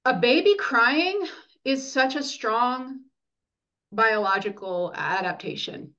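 A woman speaking as a nurse and lactation consultant in an interview, earnest and animated, acting out what parents say. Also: mid-range voice, a little slow, lo-fi sound. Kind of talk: conversational interview.

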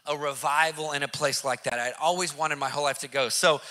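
A man recounts a testimony in a lively, emphatic storytelling style. His voice sits high and comes out very forceful and sharp. He repeats phrases for effect and slips into casual slang. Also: brisk. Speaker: Christian activist telling a testimony.

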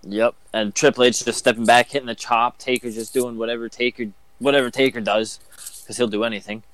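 A man as a guest on a casual podcast, steady, giving short agreeing replies. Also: medium pitch, brisk, no echo. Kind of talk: casual wrestling chat.

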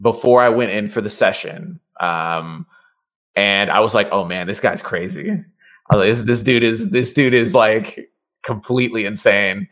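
Man, voice actor guest, low voice, casual interview chat, rambling with fillers. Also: a little slow, fairly bright tone. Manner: chatty, many fillers and restarts.

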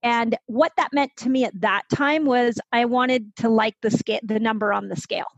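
A woman in her fifties with a fairly high voice shares her story as an interview guest, animated and chatty. The recording is dry, with a slightly dull, muffled tone. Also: no echo. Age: 50s. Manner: animated, quick to act out quoted voices. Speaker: guest, health expert. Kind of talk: conversational storytelling.

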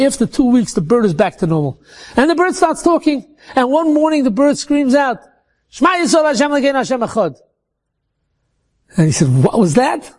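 A man telling a religious story in an animated way, often repeating words as he restarts. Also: high-pitched.

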